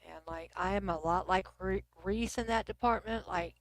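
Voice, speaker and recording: This livestream host, a middle-aged Texan woman, talks casually with her audience and reads comments from her computer, occasionally nearly whispering. Her voice is mid-range at a moderate pace, recorded with no room sound.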